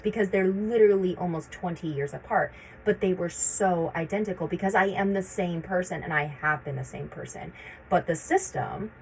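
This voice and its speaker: Woman in her thirties, lowish voice, personal story to camera, urgent, repeats herself, faint room hum. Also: poor audio. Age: 30s. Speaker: vlogger sharing her experience.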